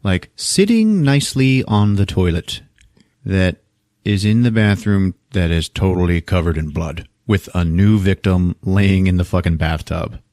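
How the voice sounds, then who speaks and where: Low-ish guy swearing his way through a movie recap, lively up-and-down voice, dry close mic. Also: measured pace, no room sound. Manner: profane, animated storytelling, jumps into character voices. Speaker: podcast co-host recapping a film. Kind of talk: casual movie recap with acted-out lines.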